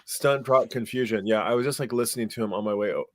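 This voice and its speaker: A middle-aged man co-hosting a podcast, telling stories in a rambling, animated way with lots of fillers. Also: medium pitch, fast, slight background noise. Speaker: podcast co-host. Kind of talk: casual chat.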